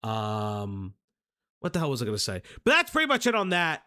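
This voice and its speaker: A man's voice: mid-range voice, huge pitch swings, moderate pace, sharp tone. A young man hosting a commentary livestream, rambling and swearing casually with lots of fillers. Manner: rambling, profane, many fillers and restarts.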